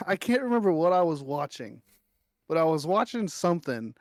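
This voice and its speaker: A man co-hosting a casual talk stream, telling stories in an animated way and swearing often. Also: fairly high pitch, moderate pace, no echo. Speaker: co-host. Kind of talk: casual chat.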